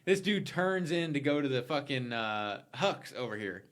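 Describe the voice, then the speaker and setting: A man's voice: mid-range voice, moderate pace. A man co-hosting a podcast, telling a story in casual chat, swearing and laughing often. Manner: profane, laughing, animated storyteller. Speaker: podcast co-host.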